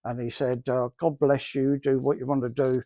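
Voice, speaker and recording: A man's voice: mid-range voice, little pitch movement, moderate pace, dark tone, no room sound. Man, middle-aged, rambling spoken testimony, acts out dialogue, dry sound. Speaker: church member giving testimony.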